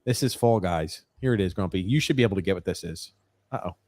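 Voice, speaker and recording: A man's voice: sits low, quick pace, very noisy. Chatty young man reading comments. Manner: laughs often, reads comments aloud in a chatty way. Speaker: podcast host. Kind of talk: casual podcast chat reading viewer comments.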